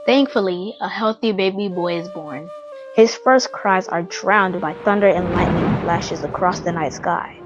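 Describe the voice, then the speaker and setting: Female storyteller, measured and dramatic, scripted read over a music bed. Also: fairly low pitch, lo-fi sound. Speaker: narrator.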